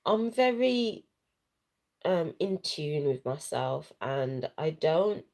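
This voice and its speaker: Crying woman rambling on a slow vlog. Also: low voice, big pitch swings, creaky, darkish tone. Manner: tearful, rambling, slangy and frank. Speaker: vlogger. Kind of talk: emotional casual live chat. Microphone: self-recorded at home without sound check.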